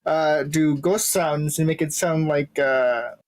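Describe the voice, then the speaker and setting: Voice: mid-range voice, slow, a little mellow. A player at a tabletop game, describing a character's moves in a casual, playful way.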